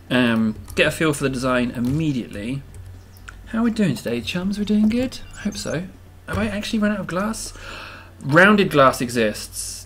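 A man's voice: medium pitch, a bit bright, slight background noise. A man hosting a game video, giving casual, self-amused commentary and thinking aloud as he builds.

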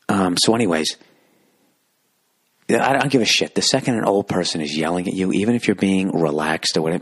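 Husky, lowish man in his forties, sweary podcast rant, plays every part of the story himself. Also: dry recording. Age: 40s. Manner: fast, sweary, acts out both sides of a story. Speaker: podcast host. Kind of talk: profane comic rant.

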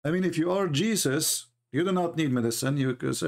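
A man hosting an online talk, speaking as an in a mocking, sarcastic way with lively storytelling. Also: on the high side, fairly quick, creaky. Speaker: online debate host. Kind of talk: casual live-stream commentary.

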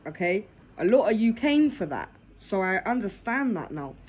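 A woman's voice: mid-range voice, very animated, normal speed, a little mellow, husky, rough recording. Chatty woman vlogging from her phone. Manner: tags nearly every phrase with "yeah?"; talks while eating dinner. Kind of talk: casual chat to camera. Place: living room at home. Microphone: phone on her lap.

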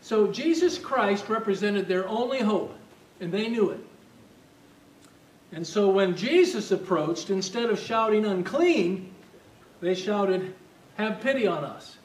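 A man preaching a sermon as pastor, talking in a conversational way and asking the congregation questions. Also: measured pace. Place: church sanctuary. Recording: echoey hall, distant mic, faint rumble.

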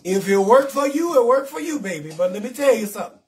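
Brash high-voiced comedian hosting live. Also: male voice, fast talker. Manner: brash, profane, animated, talks straight to viewers. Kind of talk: loud comedic live-stream rant.

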